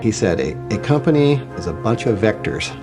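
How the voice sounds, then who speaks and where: A man's voice: lowish voice, very animated, a little fast, music in the background. A man in an interview clip, recalling events in a plain, reflective way. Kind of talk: interview recollection.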